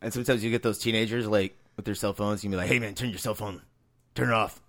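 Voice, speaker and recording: A man's voice: lowish voice, very fast. A man co-hosting a film podcast in casual chat, joking around and slipping into mock voices. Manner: animated joker, jumps into mock voices. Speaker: podcast co-host.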